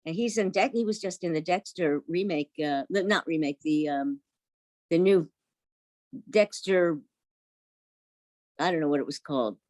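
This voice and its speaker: A woman's voice: sits low, normal speed, pauses often, dry recording. An older woman from Brooklyn with a New York accent, chatting as a guest and telling stories with acted-out quotes. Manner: animated storyteller, acts out quoted voices. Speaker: voice actress guest. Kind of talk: casual interview chat.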